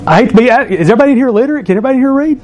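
A man's voice: extremely high pitch, lively intonation, racing, darkish tone. A man in his thirties, a pastor preaching in a church, teasing and bantering with his congregation during an object lesson. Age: 30s.

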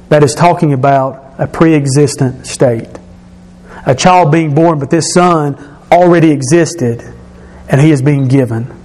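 A man preaching a sermon, explaining scripture verse by verse and repeating key phrases, slowing and dropping his voice for emphasis. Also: a little high, darkish tone. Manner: slows and drops his voice for emphasis.

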